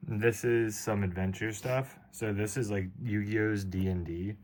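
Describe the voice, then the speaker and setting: A man's voice: fairly low pitch, fairly even intonation, a little slow, darkish tone. A man casually explaining his card collection to his wife, chatty and playful, full of comparisons. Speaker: teacher of a card game.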